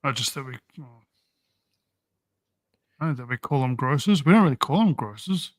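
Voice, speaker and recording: A man's voice: mid-range voice, a little fast, no room sound. A man co-hosting a podcast, chatting casually with short reactions and questions. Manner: relaxed, brief reactions and questions. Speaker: podcast co-host. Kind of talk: casual chat.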